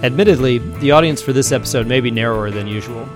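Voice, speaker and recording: A man from Milwaukee hosting a podcast, reading a measured introduction and then chatting with his guests. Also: mid-range voice, music in the background. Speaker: podcast host.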